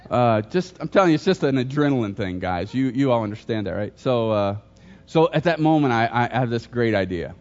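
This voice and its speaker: Man, middle-aged, pastor, sermon, storytelling with jokes, average pitch, muffled lo-fi recording. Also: lively intonation, a little fast, a little mellow. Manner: storytelling, jokes and questions to the congregation.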